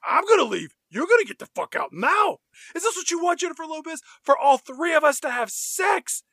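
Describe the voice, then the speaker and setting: A man voicing a jealous, foul-mouthed young woman who shouts and swears in indignation. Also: very high-pitched, sing-song, brisk, dry recording, clean studio sound, voice pushed up, heavily acted. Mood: furious.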